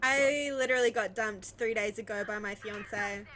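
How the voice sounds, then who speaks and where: A woman's voice: medium pitch, moderate pace, music in the background. A woman trading sassy, blunt jokes in game voice chat. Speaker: gamer in voice chat.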